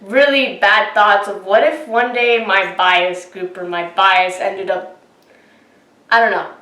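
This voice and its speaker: A woman co-hosting a reaction video, retelling events in an animated way and acting out quotes. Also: mid-range voice, slow pace, reverberant. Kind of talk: casual storytelling chat.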